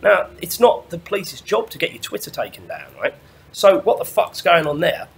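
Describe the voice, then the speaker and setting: A man's voice: sits high, very animated, normal speed, vocal fry. A man delivering a rambling monologue rant, stumbling over restarts and swearing often. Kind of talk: ranting monologue.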